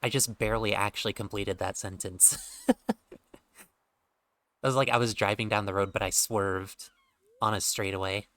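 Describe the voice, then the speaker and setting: A man's voice: fairly low pitch, steady tone, moderate pace, pauses often, sharp tone, dry recording. A man streaming a game, chatting casually, rambling and joking with offhand swearing. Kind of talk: casual gameplay commentary.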